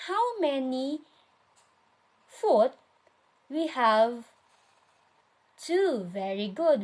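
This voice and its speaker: A woman's voice: fairly high pitch, darkish tone, poor audio. A woman with a Filipino accent teaching a recorded lesson on poetry meter, asking questions and reading lines aloud with marked stress.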